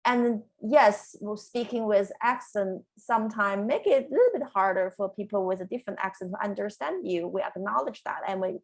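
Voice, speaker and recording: Earnest woman faculty panelist with restarts. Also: mid-range voice. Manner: earnest, measured, with many restarts. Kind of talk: panel discussion answer.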